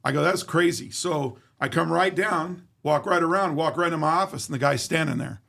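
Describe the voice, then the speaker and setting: A man with a gravelly, fry-laced voice and a somewhat high pitch tells a story in an interview. He is vivid and profane, and he acts out every exchange of dialogue. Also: normal speed, bright, forceful tone. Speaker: interview guest. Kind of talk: casual storytelling.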